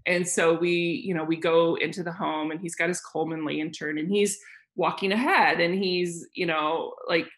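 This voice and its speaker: A woman real estate agent, a podcast guest, telling lively stories with frequent laughter and lots of fillers. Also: on the low side, moderate pace. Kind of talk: casual storytelling chat.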